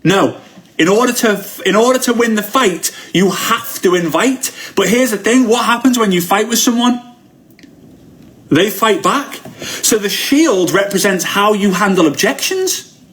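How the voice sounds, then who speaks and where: A man in his thirties gives a live-streamed sales training talk as a motivational speaker, telling energetic stories and acting out the quotes. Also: high-pitched, a little slow. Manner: energetic storyteller who acts out quotes.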